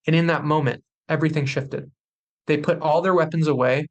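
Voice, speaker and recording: Speaking briskly in a fairly high voice, a young man shares a personal story as a podcast guest. His telling is intense and animated, with acted-out quotes from the people involved.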